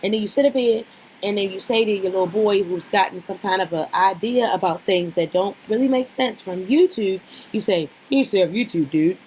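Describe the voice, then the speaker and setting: Woman, vlogger, casual commentary, blunt, repeats for emphasis, medium pitch, faint background hiss. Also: brisk, darkish tone. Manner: blunt, opinionated, swears freely; addresses people directly, repeats herself for emphasis. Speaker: reality show recap vlogger.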